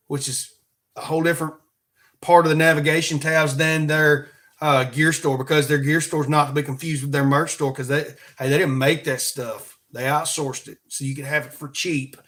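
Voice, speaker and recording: Folksy Alabama-accented man, slightly high voice. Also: flat delivery, brisk, fairly bright tone. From Alabama, USA. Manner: folksy, joking, plugs merch. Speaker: podcast host. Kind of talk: casual rambling monologue.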